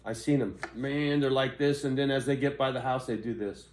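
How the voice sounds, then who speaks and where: A man's voice: mid-range voice, moderate pace, a little hiss or hum. An older man vlogging, cursing constantly in a riled-up, confrontational rant. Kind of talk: angry ranting vlog.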